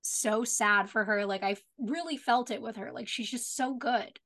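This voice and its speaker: A woman co-hosting a podcast, chatting casually about a TV episode in a relaxed, agreeable way with lots of filler words. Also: a little high, normal speed. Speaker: podcast co-host.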